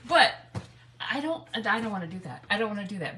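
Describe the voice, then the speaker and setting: A woman's voice: mid-range voice, very animated, brisk, bright, forceful tone, a little hiss or hum. A woman, hosting a live craft stream, chatty and laughing, greeting viewers by name. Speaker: craft livestream host.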